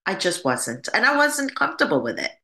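Bright, lively-voiced woman telling a story. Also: medium pitch, brisk. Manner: animated, acts out quoted voices. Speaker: psychic medium. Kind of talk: storytelling in an interview.

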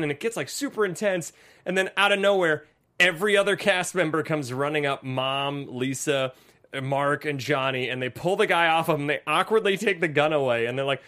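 A man's voice: a little high, moderate pace, sharp tone. A man co-hosting a casual movie-review podcast, recapping scenes with jokes and swearing. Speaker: podcast co-host.

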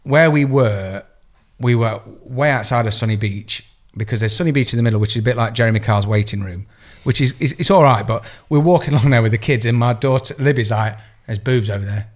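An English man in his thirties, co-hosting a podcast and telling an animated, profane story in casual chat. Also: medium pitch, a little fast. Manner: swears a lot, animated storytelling. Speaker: podcast co-host.

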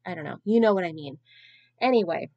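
A woman's voice: fairly low pitch, expressive, a little fast, no room sound, muffled recording. A woman in her thirties hosting a podcast alone, telling a long-winded, self-deprecating story in a casual, chatty way. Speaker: podcast host.

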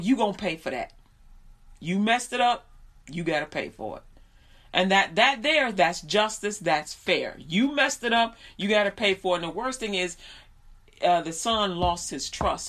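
Animated laughing woman preacher. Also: mid-range voice. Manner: animated, laughing often, repeats phrases. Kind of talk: informal sermon storytelling.

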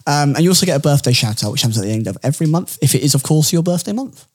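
A man co-hosting a casual podcast chat, jokey and quick to laugh. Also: fairly high pitch, expressive, a little mellow. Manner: jokey, laughs often, slips into silly voices. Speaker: podcast co-host.

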